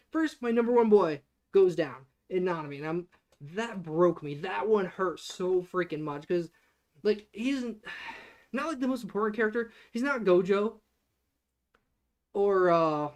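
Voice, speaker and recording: A streamer in casual livestream talk, excitable and rambling, stressing words hard as they react to an anime season. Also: medium pitch.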